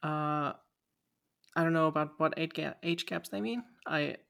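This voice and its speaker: A podcast co-host in casual chat, playful, teasing and quick to get excited. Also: mid-range voice, creaky.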